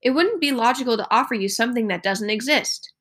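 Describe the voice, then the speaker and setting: A woman's voice: fairly high pitch, animated, quick pace, fairly bright tone. A woman reading aloud as a precise, formal boy genius who speaks in a matter-of-fact way.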